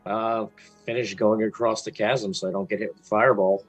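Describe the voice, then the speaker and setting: A man's voice: fairly low pitch, level tone, a little fast, highs cut off, soft background music. A man playing at a tabletop game, thinking aloud in a hesitant way before acting. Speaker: player. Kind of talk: casual chat at a game table.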